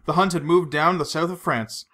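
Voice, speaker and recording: Bright-voiced male audiobook narrator. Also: on the high side, fairly even intonation, normal speed. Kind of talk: scripted narration.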